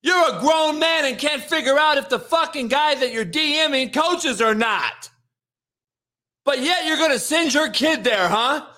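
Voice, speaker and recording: A man hosting a daily rant show, yelling and swearing without letup. His voice sits very high for a man and comes out tense and forceful, with a sharp edge on every line. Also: a little slow. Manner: angry, yelling, heavy swearing. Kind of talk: profane sports rant.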